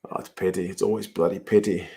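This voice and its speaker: A man's voice: low voice, level tone, fast talker, creaky, dark tone, slight background noise. A man hosting a live rugby watch-along, chatting casually, reacting to the play and answering viewer comments. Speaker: host.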